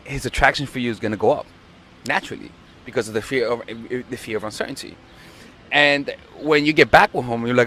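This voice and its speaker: A young man gives a blunt dating-advice monologue, profane and emphatic, acting out the lines he quotes. His voice is a little high, sharp, and expressive, and he talks quickly.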